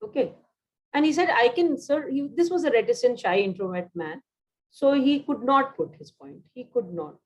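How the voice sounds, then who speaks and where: A woman's voice: a little high, animated, moderate pace, a little mellow, rough recording. Indian woman teaching vocabulary, Hindi-English mix. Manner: repeats words, mixes Hindi and English. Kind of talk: online class teaching.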